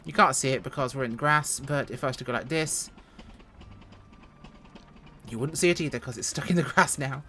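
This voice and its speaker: A woman with a deep, low voice talks through her flight sim session at home in a loose, chatty way. She jokes and pokes fun at her own mistakes as she goes. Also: brisk, pauses often, sharp tone, a little hiss or hum. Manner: chatty, joking, self-mocking. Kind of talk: casual gameplay commentary.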